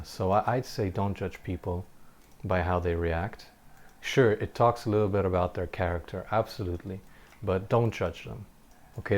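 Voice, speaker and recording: A man with a fairly low voice chats over gameplay footage, sharing a personal story. He sounds earnest and reflective, and he often breaks off to restart a sentence. Now and then he lets out a short laugh. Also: darkish tone. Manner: occasional short laughs while telling a story. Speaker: gameplay commentator.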